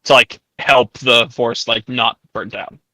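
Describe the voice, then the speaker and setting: A man's voice: mid-range voice, flat delivery, a little slow, bright, forceful tone, no room sound, poor audio. A man narrating as game master of a tabletop game in casual chat, with many filler words. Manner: casual, many ums and likes, laughs often.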